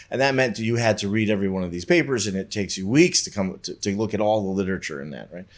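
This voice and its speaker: A man's voice: on the low side, brisk, hardly any pauses. A man, a research scientist and podcast guest, chatting casually and enthusiastically, laughing through his anecdotes. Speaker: stem cell researcher guest.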